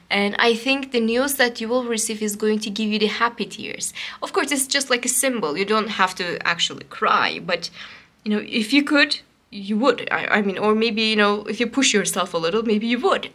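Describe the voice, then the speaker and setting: A woman with a bright, ringing voice, pitched a little high, chats her way through a coffee cup reading. She sounds excited and talks loosely, with plenty of fillers, and keeps checking in with her listeners by asking "okay?". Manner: loose grammar, many fillers. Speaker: coffee cup and tarot reader. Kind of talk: casual spoken reading to viewers.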